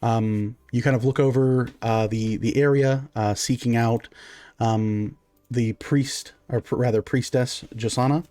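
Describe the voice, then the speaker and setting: A man's voice: mid-range voice, steady tone, measured pace, warm tone, no echo. Man narrating as game master, loose and rambling, dry recording. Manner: rambling, many fillers and restarts.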